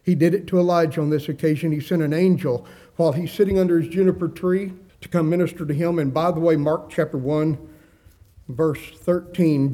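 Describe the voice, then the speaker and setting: A man's voice: on the high side, warm tone. A male pastor preaching a sermon, reading scripture aloud and acting out the quoted voices with rising emphasis.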